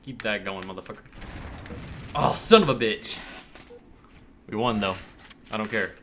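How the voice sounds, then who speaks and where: A young man commentating his own online shooter match, excitable and cursing, yelling at other players. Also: lowish voice, unhurried, a little hiss or hum. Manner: excitable, swears often, yells at other players. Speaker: gamer streamer. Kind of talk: live gameplay commentary.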